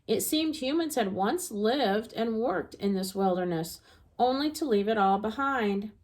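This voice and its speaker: A woman narrating a children's storybook aloud in an expressive, gentle reading voice. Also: fairly high pitch, unhurried.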